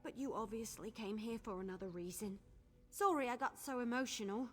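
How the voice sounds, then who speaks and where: A woman's voice: a little high, a little fast, in a large hall, lightly acted. An actress playing an emotional, outspoken young woman mourning a friend in a video game. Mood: grieving. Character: grieving, fiery young woman, the priestess's friend. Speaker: game character.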